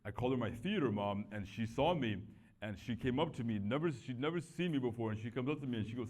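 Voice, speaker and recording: A man's voice: fairly low pitch, fairly quick, a little mellow. Young man telling his story casually. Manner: chatty storytelling, acts out quoted speech, many fillers and restarts. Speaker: guest giving testimony. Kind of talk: casual testimony talk.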